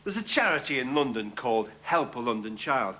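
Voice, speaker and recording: A man's voice: mid-range voice, big pitch swings, fairly quick. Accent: Liverpool. Man ranting a stand-up routine. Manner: ranting, sardonic, shouting bursts. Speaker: stand-up comedian host. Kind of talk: stand-up comedy monologue. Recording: loud studio audience and noise.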